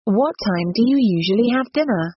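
A woman's voice: mid-range voice, expressive, muffled recording, a little hiss or hum. A woman reading English phrasebook sentences aloud for a language lesson, in a careful way. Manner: slow, careful phrasebook delivery.

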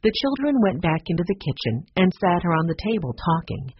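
An audiobook narrator giving a lively, expressive reading of a children's story on a dull lo-fi recording. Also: medium pitch, fairly quick, husky.

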